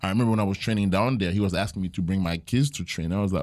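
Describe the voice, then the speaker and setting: A man's voice: sits low, rapid-fire, hardly any pauses, darkish tone, no echo, studio quality. A man, a jiu-jitsu gym owner and podcast guest, talking in a casual interview in an earnest, reflective way, with frequent fillers as he tells stories.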